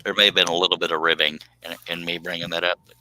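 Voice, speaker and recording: Deep, bright-toned man, joking host on a casual stream. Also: little pitch movement, rapid-fire, low-quality recording. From United States. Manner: joking, teasing, chuckles often. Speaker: live stream host, woodworker. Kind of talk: casual live stream chat.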